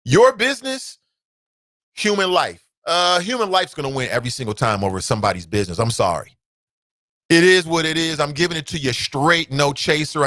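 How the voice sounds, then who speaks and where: A man's voice: mid-range voice, sharp tone, no room sound. A man hosting his own talk show, ranting bluntly and passionately, swearing at times. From United States. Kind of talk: opinionated solo commentary.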